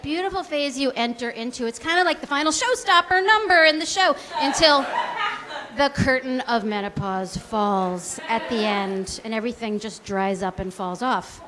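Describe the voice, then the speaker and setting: A woman's voice: a little high, background noise. A woman in her forties doing a stand-up comedy set, chatty and self-deprecating, full of likes and ums. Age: 40s. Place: small comedy club stage.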